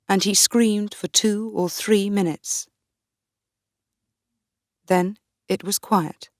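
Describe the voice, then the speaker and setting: A woman narrating a graded reader audiobook in the first person, reading slowly and clearly. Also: mid-range voice, darkish tone, dry recording, studio quality. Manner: slow, clear, deliberate reading.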